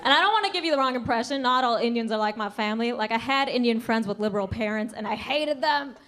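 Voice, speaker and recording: On a comedy club stage, a young adult woman talks quickly into a handheld mic in a high-side, slightly bright voice. She's brash and punchy, putting on acted voices while the crowd laughs.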